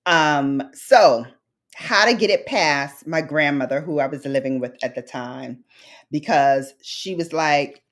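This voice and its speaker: This woman's voice is low yet fairly bright in tone, and she takes her time. A beauty vlogger from Brooklyn, New York, she chats casually with livestream viewers, heartfelt and nostalgic, calling them honey and babes.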